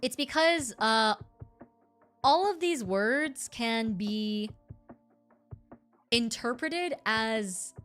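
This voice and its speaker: Animated woman streamer, lively pitch. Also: drawn-out words, long pauses, soft background music. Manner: animated, rambling, self-correcting. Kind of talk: casual explaining to chat.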